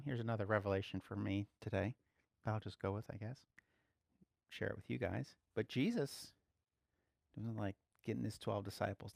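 Animated, playful male preacher. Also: mid-range voice, vocal fry, no room sound, clean studio sound. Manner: animated and playful, laughs often. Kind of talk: casual spoken sermon.

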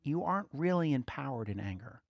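A man giving conversational Bible teaching as a preacher, relaxed, laughing lightly and repeating key phrases. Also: medium pitch, a little fast, creaky, no room sound, dull audio.

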